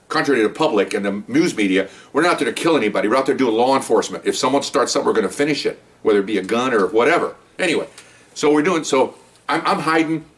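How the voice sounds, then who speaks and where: A middle-aged man, a police detective and supervisor, telling a casual story in a loose, rambling way, acting out scenes and peppering his talk with "okay?" and "you know.". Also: medium pitch. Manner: animated, acts out scenes with quoted voices. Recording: voice a bit distant from the mic.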